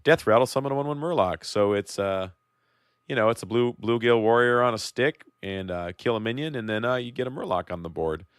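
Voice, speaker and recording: A man's voice: medium pitch, fairly quick, clean tone, no room sound, studio quality. A man with a Midwestern accent co-hosting a podcast, chatting casually and joking as he thinks aloud. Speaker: podcast co-host. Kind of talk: casual chat about a card game.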